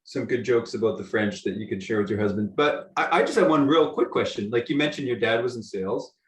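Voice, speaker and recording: A man's voice: medium pitch, brisk, far from the mic. A man from Quebec asking a friendly, curious question on a group call, with some hesitation. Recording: roomy sound from off the mic.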